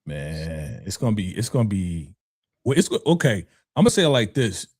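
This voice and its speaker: A man's voice: fairly low pitch, big pitch swings, moderate pace, darkish tone, slightly rough, no echo, clean studio sound. A man from New York co-hosting a podcast in casual chat, telling stories conversationally and often adding "you know what I'm saying". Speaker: podcast co-host.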